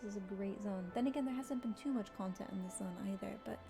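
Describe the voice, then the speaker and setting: A woman's voice: medium pitch, quick pace, vocal fry, over music. Sweary woman streamer chatting over gameplay. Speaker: game streamer. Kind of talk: casual gameplay commentary.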